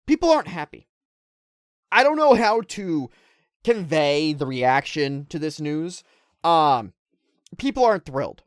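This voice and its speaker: A woman with a fairly low voice rants to her viewers in casual gaming commentary, audibly irritated and firing off rhetorical questions. Her pitch swings widely as she talks. The sound is dry and close, with no room around it. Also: big pitch swings, measured pace, no room sound. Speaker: gaming video creator.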